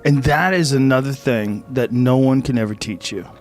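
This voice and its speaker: A man's voice: medium pitch, normal speed. A man hosting a conversational interview in a reflective, agreeing manner. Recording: music bed under the voice.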